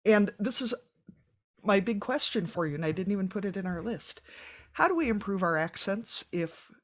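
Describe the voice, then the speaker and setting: A woman hosting a podcast, asking a guest measured, thoughtful questions. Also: medium pitch, expressive. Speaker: podcast host. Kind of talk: casual interview chat.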